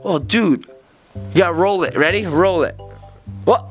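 A middle-aged man hosting a kids' game video, joking excitedly and playfully as he plays alongside his child. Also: sits high, a little slow, soft background music. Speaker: gaming channel host.

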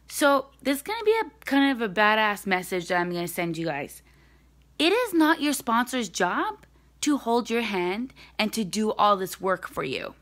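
A woman's voice: fairly high pitch, fairly bright tone. A young woman leading a sales team, talking live to her team from home in a blunt, direct, motivating way.

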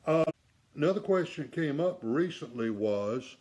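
A man's voice: a little high, expressive, normal speed, darkish tone, husky. Blunt, emphatic man teaching sax repair. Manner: blunt, emphatic, rhetorical asides. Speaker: saxophone repair instructor. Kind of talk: casual demonstration lesson.

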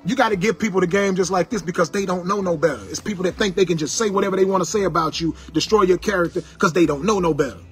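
Rapid-fire and high-pitched, with few pauses and faint music behind, an internet personality rants angrily at his viewers. He delivers a preachy monologue, repeating his warnings like a sermon.

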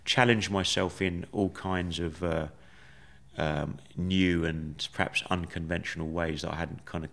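A man, a podcast guest, telling his story in a measured, reflective way with many fillers. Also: sits low, a bit bright. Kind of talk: conversational storytelling.

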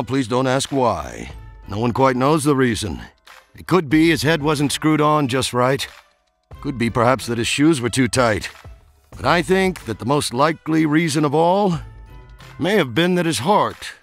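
A man reading a rhyming children's book aloud, animated and expressive, stretching out repeated words. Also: medium pitch. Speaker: storybook reader.

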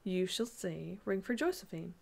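A woman reading as a demure, gentle young wife. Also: lowish voice, moderate pace, creaky. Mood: proud. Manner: soft and demure.

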